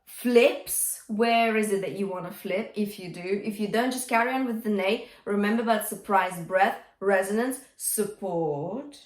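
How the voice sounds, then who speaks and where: A woman's voice: medium pitch, measured pace, hardly any pauses, recorded from a distance. Woman, vocal coach, singing lesson, coaxing, echoey room. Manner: encouraging, coaxing with "yeah?". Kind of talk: singing lesson with sung demonstrations.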